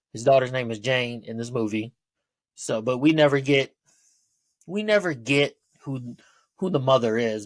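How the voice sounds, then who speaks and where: A man's voice: mid-range voice, no room sound. A man giving a casual, rambling movie review, loose and full of fillers, laughing and swearing as he goes.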